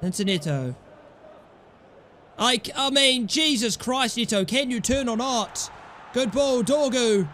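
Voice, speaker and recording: A man giving live commentary over his football video game, swinging between quick play-by-play and swearing rants at his players. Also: very high-pitched, animated, a bit bright, a little hiss or hum. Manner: exasperated, swearing, talks to the game. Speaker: gaming YouTuber.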